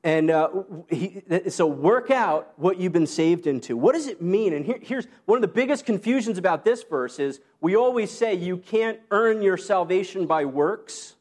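A man with a high voice preaches a sermon in a loose, conversational way. He slips in self-deprecating asides and short laughs, and his voice climbs higher when he quotes the apostle. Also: animated, moderate pace, hardly any pauses, a little mellow. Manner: rises high when quoting Paul. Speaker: pastor.

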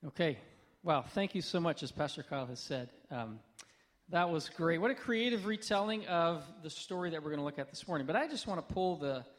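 Pastor guy, kinda high voice, chatty and easygoing with the congregation, long church echo. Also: fairly quick. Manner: relaxed, conversational, with fillers. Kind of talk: sermon introduction and prayer.

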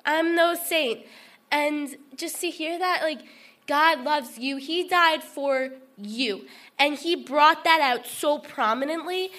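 A woman's voice: high voice, takes it slowly, a bit bright. A woman giving a heartfelt personal testimony to a group, rambling with lots of fillers and restarts. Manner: earnest and emotional. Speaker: testimony speaker.

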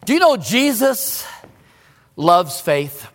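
A male pastor preaching a sermon in a church, emphatic, swinging between loud exclamations and hushed asides. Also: high voice, very animated, takes it slowly, big-room sound. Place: church sanctuary.

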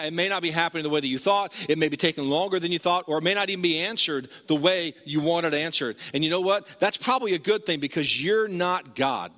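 Man, pastor, earnest sermon, fairly high voice, long hall reverb. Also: pushed and bright. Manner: earnest preaching, rising in pitch when urging, dropping low and slow for emphasis.

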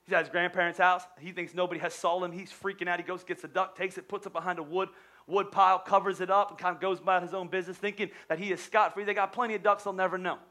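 A male pastor delivering an energetic sermon in a storytelling manner, stumbling and restarting at times. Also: high-pitched, fast talker.

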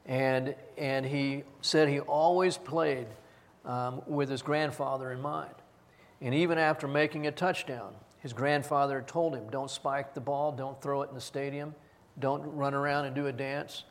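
A man's voice: medium pitch, fairly even intonation, unhurried. Earnest preaching man in a reverberant church. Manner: earnest preaching, stresses single words, reads scripture aloud. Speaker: pastor. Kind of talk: sermon. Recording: long hall reverb.

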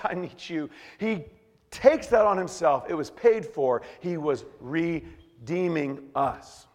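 Animated preaching man in a reverberant hall. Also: high-pitched. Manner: animated preaching, swings from hushed to shouting. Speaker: pastor. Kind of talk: sermon.

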